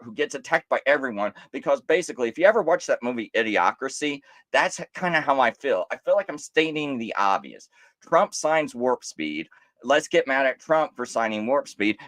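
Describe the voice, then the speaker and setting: A man's voice: mid-range voice, fairly bright tone, no echo. A man hosting a live stream, giving impassioned commentary full of rhetorical questions, restarts and mocking quoted voices.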